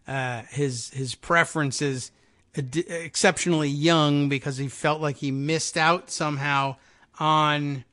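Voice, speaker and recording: A middle-aged man hosts a casual political talk radio show, his voice sitting a touch higher than most men's. He wanders from thought to thought in a wry, offhand way, full of fillers and side remarks. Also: a bit bright. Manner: meandering, wry, with frequent fillers and asides.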